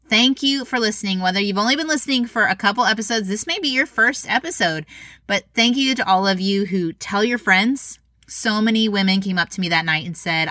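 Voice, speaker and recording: A woman's voice: medium pitch, fairly quick, sharp tone, dry recording, studio quality. A woman hosting a faith and parenting podcast, talking in an enthusiastic, upbeat way. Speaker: podcast host.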